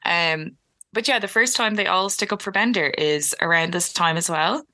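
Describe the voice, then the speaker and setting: A woman's voice: fairly low pitch, normal speed, sharp tone. A young Irish woman co-hosting a podcast, chatty and curious, asking questions as she talks. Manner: chatty and inquisitive, asks questions. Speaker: podcast co-host. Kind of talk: casual chat.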